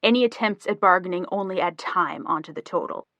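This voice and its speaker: A woman's voice: lowish voice, brisk, fairly bright tone, no echo, muffled recording. Woman doing witty young wife, storybook, fond banter, dry close recording. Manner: playful bargaining banter.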